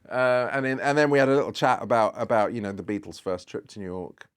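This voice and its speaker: A man's voice: mid-range voice, quick pace, clean tone. A man, a guest on a podcast, telling a long anecdote in casual chat and acting out the dialogue as he goes. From Britain. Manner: rambling storyteller who acts out dialogue.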